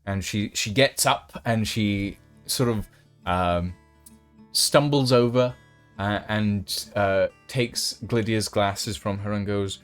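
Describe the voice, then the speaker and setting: Slow, low-voiced man as game master. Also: clean tone, soft background music. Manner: unhurried, full of ums and uhs. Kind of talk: narrating a tabletop game.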